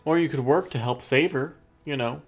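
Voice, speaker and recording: A man's voice: fairly high pitch, moderate pace, soft background music. A man streaming a game, playfully commenting and reading his dialogue choices aloud. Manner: playful, reads his choices in a mock-formal tone and laughs.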